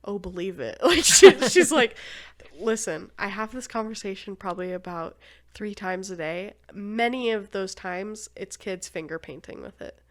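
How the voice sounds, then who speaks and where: A woman's voice: medium pitch, moderate pace. A young woman hosting a podcast, telling a story in casual chat, laughing often. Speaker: podcast host.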